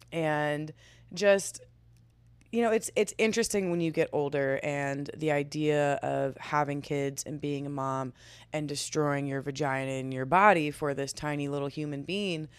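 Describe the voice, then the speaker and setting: Chatty low-voiced woman in her twenties. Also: clean tone, no room sound. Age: 20s. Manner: candid, chatty, laughs often, swears casually. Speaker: podcast host. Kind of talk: casual solo podcast storytelling.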